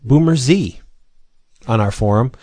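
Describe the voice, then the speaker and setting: A man's voice: mid-range voice, animated, unhurried, darkish tone, no echo. A man co-hosting a podcast in casual chat, joking and stumbling over repeated words. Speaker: podcast co-host.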